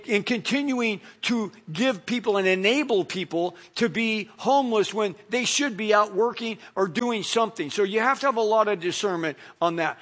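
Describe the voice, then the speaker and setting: A man's voice: sits high, a bit bright. A middle-aged male pastor preaching a sermon in a casual, conversational way, full of "you know" asides.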